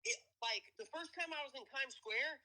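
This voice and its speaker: Very bright laid-back young-sounding man. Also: extremely high pitch, brisk, poor audio. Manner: laid-back, slangy, says dude a lot. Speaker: guest, hip hop artist. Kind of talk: casual interview talk.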